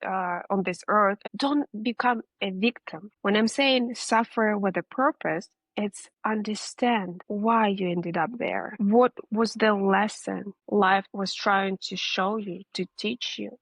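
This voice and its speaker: Woman, interview guest, earnest, encouraging, mid pitch, dry close sound. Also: dry recording, rough recording. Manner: earnest, encouraging, acts out reactions. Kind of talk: conversational interview.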